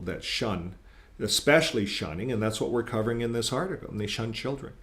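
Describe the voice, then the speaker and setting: A man with a lowish voice speaks at a normal pace, casually and earnestly hosting his own channel as he reads articles aloud and comments on them. He often repeats words and leans on fillers, and his critical tone grows emphatic whenever he quotes.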